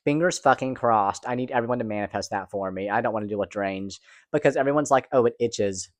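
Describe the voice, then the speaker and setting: A young man talking fast and candidly in a casual personal vlog, swearing now and then, recorded at home. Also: fairly low pitch, no echo. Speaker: vlogger.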